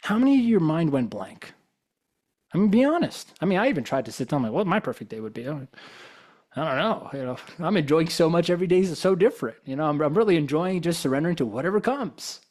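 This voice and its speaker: A man's voice: fairly high pitch, very animated, fast talker, darkish tone. A man giving a motivational talk as a guest speaker, telling stories and pressing his audience with rhetorical questions. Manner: probing, full of rhetorical questions.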